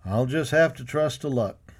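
A man voicing a quiet, steady cowhand who talks in a resigned drawl. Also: medium pitch, unhurried.

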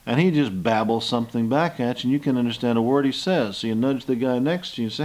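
An older man preaching from the Bible in an easygoing, folksy manner. His voice sits at an ordinary middle pitch as he reads scripture and then spins it into homely scenes. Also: quick pace, hardly any pauses, a little mellow. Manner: folksy storytelling, acts out scenes with rising voice. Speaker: Bible teacher. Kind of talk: sermon with Bible reading.

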